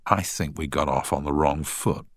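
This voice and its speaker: A man's voice: extremely low pitch, moderate pace, no room sound, clean studio sound. A man voicing a pushy, eager young man who will not take no for an answer.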